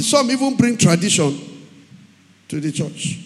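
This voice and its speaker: A man's voice: very high-pitched, sing-song, moderate pace. A man, a pastor preaching an emphatic sermon in a church hall, repeating key phrases and telling stories. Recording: long hall reverb.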